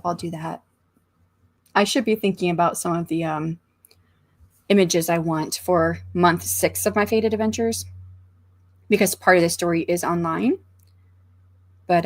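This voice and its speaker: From a room in her home, an American author with a slightly low voice hosts a laid-back livestream. Her talk is chatty and rambling, full of fillers as she thinks aloud, and she reads viewer comments as they come in.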